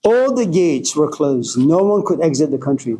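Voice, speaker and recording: A man giving a philosophical lecture, speaking slowly and deliberately and digressing into stories. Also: a little high, very animated, dark tone, low-quality recording. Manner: slow, deliberate, digressive storytelling.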